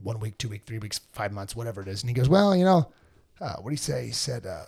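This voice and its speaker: A man's voice: mid-range voice, fast talker, vocal fry, breathy edge. A man co-hosting a casual spiritual chat, telling stories with animation and acting out the voices of other people. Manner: animated storytelling, acts out voices. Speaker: podcast co-host.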